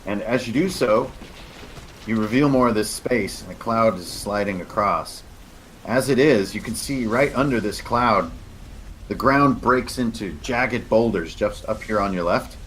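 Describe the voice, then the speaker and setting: A man's voice: lowish voice, unhurried, fairly bright tone, slight background noise, poor audio. A young man narrating a tabletop game as game master, describing scenes at length. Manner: descriptive, laughs easily.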